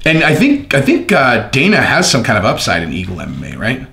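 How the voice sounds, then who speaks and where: Man, casual vlog rant, lively pitch swings, profane, plays out imagined dialogues, roomy echo. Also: brisk, creaky, a little hiss or hum. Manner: profane, animated, acts out both sides of conversations. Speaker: MMA commentary YouTuber.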